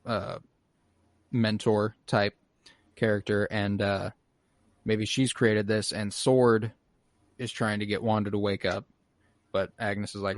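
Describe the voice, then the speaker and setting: A man's voice: on the low side, level tone, takes it slowly, pauses often, no echo. A man co-hosting a casual podcast, animatedly recapping a show and acting out the quotes with swearing. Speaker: podcast co-host. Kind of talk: casual pop-culture chat.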